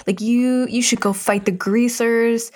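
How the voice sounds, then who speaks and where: A woman's voice: a little high, steady tone, a little slow, a little mellow, voice pushed up, lightly acted. A woman voicing a sly, manipulative male cartoon character in a coaxing, conspiratorial tone.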